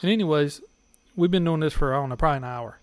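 A man's voice: a little high, fast, no echo. A man, a podcast guest, telling crude stories in casual chat and often laughing as he talks.

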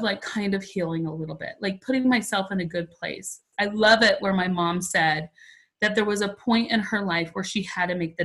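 On a low-quality recording, a podcast guest in her forties recounts something personal, chatty and emotional, her speech sprinkled with "like." She has a mid-range, slightly bright voice.

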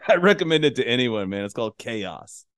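A man's voice: medium pitch, very animated, brisk, fairly bright tone, dry recording, studio quality. A man hosting a podcast in a loose, casual chat. He swears freely and laughs often. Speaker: podcast host.

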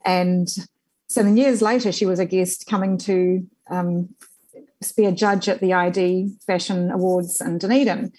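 A chatty woman from New Zealand, a journalist guest, tells stories in a conversational interview, full of animated anecdotes, fillers and laughter. Her voice is lowish and measured in pace, and the audio is poor.

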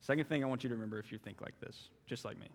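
A man's voice: mid-range voice, very fast, vocal fry, long reverb tail. A young man giving a sermon as a youth intern, earnest and fond of repeating phrases for emphasis. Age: young adult. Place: church sanctuary.

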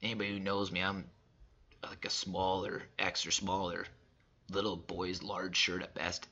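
Man, 30s, motivational monologue, sharp bright tone, breathy rasp, emphatic, repeats himself, loud then soft. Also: low-pitched, flat delivery, normal speed, muffled recording. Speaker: father sharing reflections.

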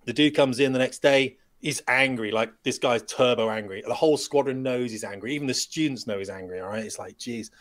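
A middle-aged man, a retired pilot, telling lively anecdotes as a podcast guest and acting out the dialogue. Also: medium pitch, brisk, hardly any pauses. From United Kingdom. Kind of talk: storytelling in a podcast interview.

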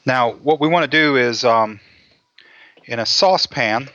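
A man's voice: mid-range voice, a little slow, fairly bright tone, a little hiss or hum. Folksy man hosting a cooking show. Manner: folksy, jokey, talks through each step. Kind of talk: casual cooking show chat. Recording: dull lo-fi dry sound.

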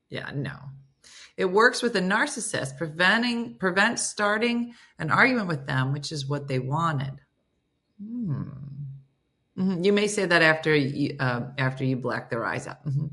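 Female morning-radio host, sassy, lively, bright tone. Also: on the low side. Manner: sassy, animated, laughs often. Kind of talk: casual morning radio chat, reading and reacting.

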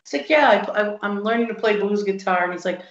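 A woman blues guitarist tells stories in a casual interview, acting out the people she quotes. She talks quickly in a mid-range voice, and the recording is roomy, dull and lo-fi.

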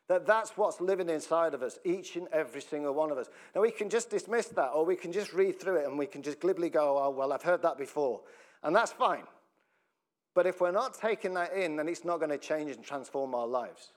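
Man, pastor, sermon, conversational, laughs often, slightly high voice. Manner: jokey, laughs often, breaks up mid-sentence; conversational, asks the congregation questions.

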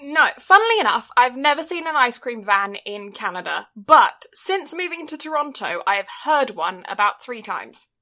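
A British woman co-hosting a podcast, chatting casually and telling stories with quick asides. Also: a little high, sing-song, pushed and bright. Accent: British English. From Britain. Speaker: podcast co-host.

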